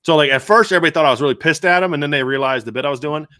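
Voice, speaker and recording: Middle-aged guy hosting a football talk show, laughs a lot, bright dry voice. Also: fairly high pitch, very fast, dry recording. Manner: storytelling, laughs often. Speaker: show owner and co-host. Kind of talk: casual post-game sports talk.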